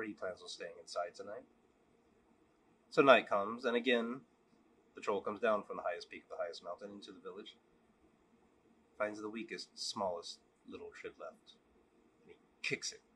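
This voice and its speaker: A man vlogging, telling a long joke and then talking candidly in a relaxed, casual way. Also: sits low, a little hiss or hum. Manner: relaxed, candid, repetitive storytelling. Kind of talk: joke storytelling and casual reflection.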